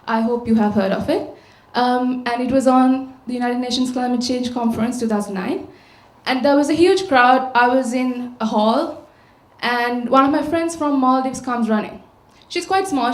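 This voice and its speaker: Sri woman speaker, slightly high voice, storytelling in an echoey hall, rhetorical questions. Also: normal speed. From Sri Lanka. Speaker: conference speaker. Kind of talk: public talk. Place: large auditorium. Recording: echoey auditorium sound.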